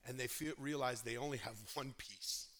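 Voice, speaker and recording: A man preaching a sermon, impassioned, swinging between hushed talk and loud appeals to the congregation. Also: medium pitch, steady tone, moderate pace. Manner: addresses the congregation directly. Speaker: pastor.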